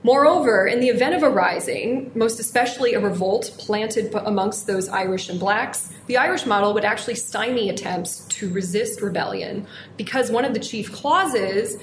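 A woman giving a history lecture in a measured, formal way, reading out quotations from old sources. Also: mid-range voice, echoey room, a little hiss or hum. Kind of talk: reading an academic history talk.

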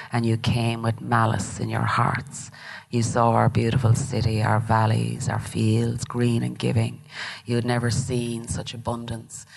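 Woman reading as a defiant old widowed queen, raspy, gravelly, accusing. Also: very deep voice, a little mellow, full character voice, rough recording. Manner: bitter, accusing. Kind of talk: dramatic reading of a play.

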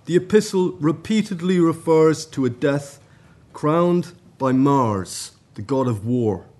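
Man, formal reading, steady measured delivery, lecture-paper style. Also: mid-range voice. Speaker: academic conference speaker. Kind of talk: scripted academic paper reading. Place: conference room.

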